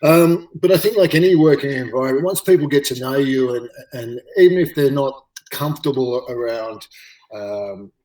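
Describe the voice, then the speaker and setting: A middle-aged Australian man telling a story in an interview, halting and full of fillers and repeated words. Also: mid-range voice, darkish tone. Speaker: interview guest, former rugby league player. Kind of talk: casual chat, storytelling. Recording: roomy, distant mic.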